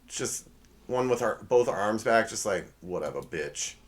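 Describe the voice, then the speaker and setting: A comedy podcast host with a mid-range, fairly evenly intoned male voice delivers a casual monologue. He rambles through sarcastic asides and corrects himself quickly.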